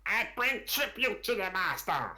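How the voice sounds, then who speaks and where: A man voicing an excitable kobold guide in a tabletop game, calling out in a high, squeaky voice. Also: measured pace, heavily acted. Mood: eager.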